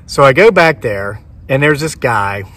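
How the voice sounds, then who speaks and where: A man's voice: mid-range voice, expressive, unhurried, fairly bright tone, recorded from a distance, a little hiss or hum. A man in his forties, a homesteading vlogger, retelling a story to camera outdoors and acting out both sides of the dialogue. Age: 40s.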